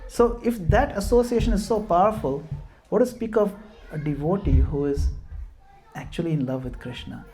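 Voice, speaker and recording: A middle-aged man from Gujarat, India, gives an informal devotional talk at a home program, storytelling, laughing at himself and blending in Hindi and Sanskrit verses. His voice sits high and is a little mellow, at normal speed, with slight background noise.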